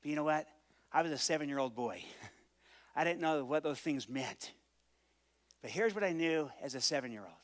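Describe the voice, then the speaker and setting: A man on stage telling a personal story to an audience. His voice sits a little high for a man. He acts out the dialogue with energy. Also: normal speed, pauses often. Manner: animated storyteller acting out dialogue. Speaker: speaker. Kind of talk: storytelling speech.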